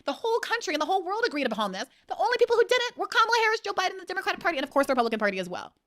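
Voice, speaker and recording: A woman in a heated political debate, her voice high and swinging widely in pitch. She talks rapidly, passionate and emphatic. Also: big pitch swings, a bit bright.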